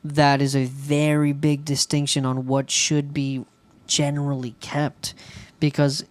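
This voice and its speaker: Joking, swearing man, higher voice. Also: completely flat delivery, a little slow, no echo. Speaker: podcast co-host. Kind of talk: casual podcast chat. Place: home studio in Florida.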